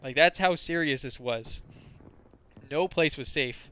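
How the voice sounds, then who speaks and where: A man's voice: fairly high pitch, a little slow, bright, forceful tone. A man in his twenties telling crude, rambling stories as casual gameplay commentary, full of filler words. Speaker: gaming commentator.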